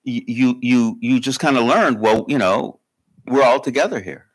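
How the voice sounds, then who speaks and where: A male author telling a story in a live onstage conversation, halting with many restarts and laughing as he goes. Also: mid-range voice. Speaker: author guest. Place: library stage before an audience.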